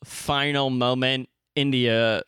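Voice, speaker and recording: A man's voice: medium pitch, slow pace, clear, resonant tone. A man hosting a book podcast, casually steering the talk and asking the others questions. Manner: relaxed, guiding the conversation. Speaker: podcast host.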